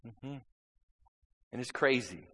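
A man's voice: medium pitch, slow, fairly bright tone, husky, big-room sound, rough recording. A man preaching a sermon in a church, impassioned and conversational, often checking in with "amen?". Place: church sanctuary.

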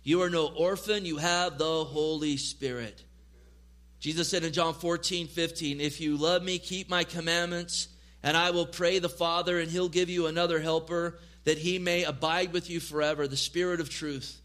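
A man's voice: fairly high pitch, fairly even intonation, moderate pace, a bit bright. A man preaching a sermon, reading scripture aloud and pressing his points with emphatic repetition. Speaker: pastor.

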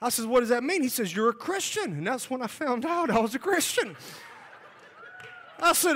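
A man with a very high, bright, lively voice preaches his testimony, swinging from hushed asides to shouted peaks. The sound rings with a long hall reverb. He jokes and storytells as he goes. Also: moderate pace. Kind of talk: sermon testimony.

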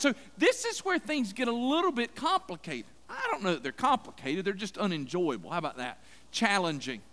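A man's voice: high-pitched, very animated, a little fast, fairly bright tone. A man preaching a sermon in a folksy, conversational way, talking straight to his congregation. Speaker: pastor. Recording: long hall reverb.

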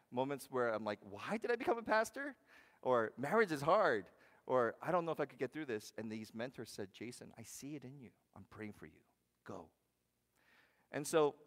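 Man preaching in a reverberant hall. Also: medium pitch. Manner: conversational preaching, asks the congregation questions, swings from loud to hushed. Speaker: pastor. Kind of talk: sermon.

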